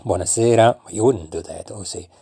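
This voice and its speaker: A man's voice: fairly low pitch, very animated, moderate pace, mellow, breathy edge, no room sound, studio quality. A man from Italy, giving an informal lesson and animatedly acting out greetings with exaggerated exclamations. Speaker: language teacher.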